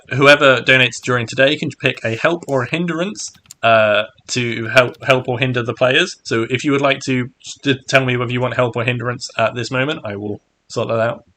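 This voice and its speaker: A man running a charity tabletop game stream as game master, chatty and quick to laugh, with many restarts. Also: mid-range voice, pushed and bright.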